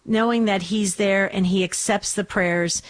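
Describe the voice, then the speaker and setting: Slow-speaking woman radio host. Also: mid-range voice, steady tone. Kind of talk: call-in radio show.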